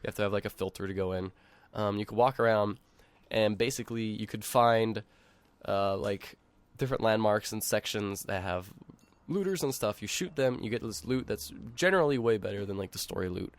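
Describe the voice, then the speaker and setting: A man co-hosting a casual online podcast, rambling at length and acting out other players' lines. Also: fairly low pitch. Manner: rambling, fast, acts out other players' voices. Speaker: podcast co-host. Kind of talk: casual chat over an online call.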